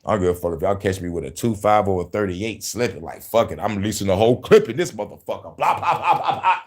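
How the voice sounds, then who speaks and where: A man's voice: low-pitched, quick pace. A man hosting, ranting in a profane, casual commentary style, often laughing as he talks. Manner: animated, laughing, cursing. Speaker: host.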